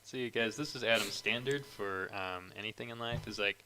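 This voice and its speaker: A man's voice: lowish voice, normal speed, sharp tone, slight background noise, low-quality recording. A young man co-hosting a casual livestream chat, teasing his friend with dry comebacks. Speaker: co-host.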